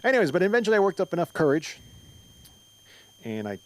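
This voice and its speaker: A man's voice: high-pitched, very animated, fast talker, low-quality recording. A middle-aged man from Mexico works through a stand-up set at an open mic. He rambles and restarts, padding his stories with ums and uhs. He is heard through a handheld stage mic in a club. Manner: rambling, filler-heavy storytelling with frequent restarts. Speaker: stand-up comedian.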